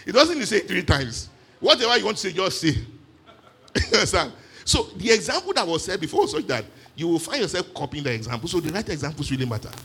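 Husky guy preaching, voice swings all over, lots of hallelujahs, fairly high. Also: quick pace. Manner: animated preaching with exclamations and mimicry. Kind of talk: sermon.

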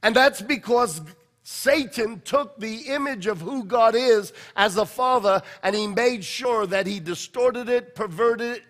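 Passionate male pastor preaching in a reverberant hall. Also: high-pitched. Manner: passionate storytelling preacher, swinging from loud to hushed. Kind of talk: sermon.

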